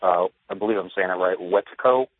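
A man's voice: sits low, a little fast, no echo. A man calling in to a radio show, nervous and full of fillers. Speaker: caller. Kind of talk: phone-in call. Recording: tinny phone line.

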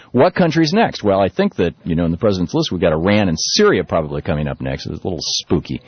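Husky-voiced talk radio host, lively. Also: male voice, sits low, fast talker, few pauses, no room sound. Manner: loose, animated delivery with many restarts and fillers. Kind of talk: political talk radio monologue. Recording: muffled lo-fi radio broadcast.

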